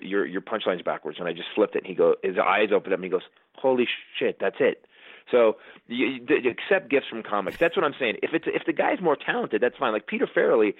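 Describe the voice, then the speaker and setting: Fast-talking comedian, tinny phone-like sound. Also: male voice, on the low side, no room sound. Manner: fast, animated storytelling with many restarts. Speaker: comedian and filmmaker. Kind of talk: casual storytelling chat. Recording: dry, phone-like narrow sound.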